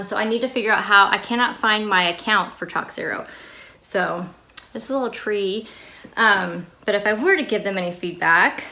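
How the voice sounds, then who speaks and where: A woman's voice: mid-range voice, pushed and bright. Chatty woman vlogging to her camera, rambly, lots of ums and restarts. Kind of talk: casual vlog chat.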